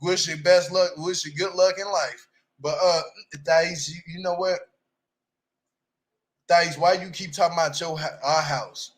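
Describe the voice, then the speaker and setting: A man reviewing a reality show in blunt, heated, slangy casual commentary, swinging between loud outbursts and low mutters. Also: fairly even intonation, unhurried. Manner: swings loud and quiet, mock-imitates cast members.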